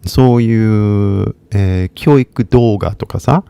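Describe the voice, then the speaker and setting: Lowish, smooth, and gravelly, this man's voice keeps a measured pace through a dry recording. Teaching casually on a live stream, he mumbles in a relaxed manner and alternates American English with Kansai Japanese.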